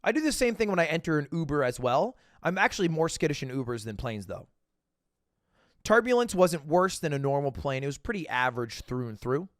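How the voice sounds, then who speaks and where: A young man livestreaming, casually telling a story to his chat, swinging between loud bursts and low asides and acting out the dialogue. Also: very animated, brisk, no room sound, studio quality. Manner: acts out quoted dialogue.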